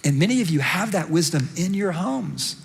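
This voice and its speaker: Animated Southern pastor in a reverberant hall. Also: male voice, high-pitched, moderate pace, creaky, husky. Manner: animated storytelling, acts out the characters' lines. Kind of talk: sermon.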